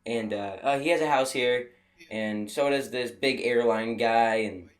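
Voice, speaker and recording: A young video creator tells a rambling travel story in a casual, medium-pitched voice at a measured pace. It's full of restarts and fillers, and he laughs at his own jokes.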